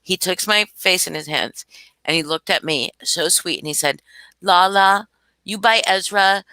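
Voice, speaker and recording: An older woman chats on a live stream in a bright, forceful voice that sits a little low. She swears casually and laughs her way through stories. The sound is close and dry, with no room around it. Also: normal speed, no echo. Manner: swears freely, laughs often, animated storytelling.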